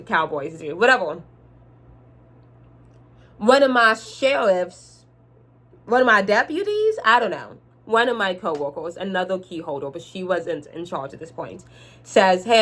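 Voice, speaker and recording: A young adult woman telling a storytime vlog in an animated, chatty way, speaking straight to her viewers. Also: mid-range voice. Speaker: vlogger.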